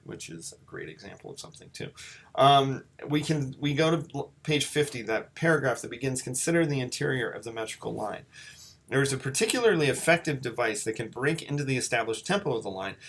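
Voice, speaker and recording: A man teaching a recorded lesson on poetry, thinking aloud with frequent restarts, and pausing to read passages aloud. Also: medium pitch, husky.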